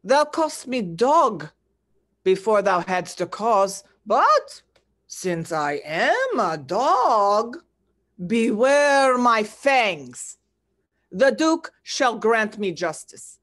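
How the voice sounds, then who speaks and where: A woman reading the part of a bitter male moneylender in an unrehearsed play reading, insistent, with sudden jumps in pitch. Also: big pitch swings, extremely slow, a bit bright, heavily acted. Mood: unyielding.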